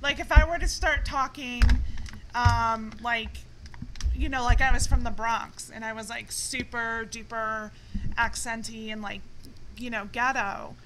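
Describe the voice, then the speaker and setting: A high-voiced woman co-hosting a panel chat, insistent and argumentative as she presses her point. There is a clear hiss of noise in the recording. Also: steady tone, a little slow.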